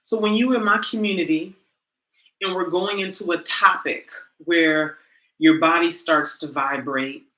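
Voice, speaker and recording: A woman coach gives a lively motivational talk, speaking straight to her listeners in a loose, conversational way. Her voice is bright and forceful. The sound carries the echo of the room. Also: fairly low pitch, unhurried. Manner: animated, conversational, addresses audience directly. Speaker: women's coach and teacher.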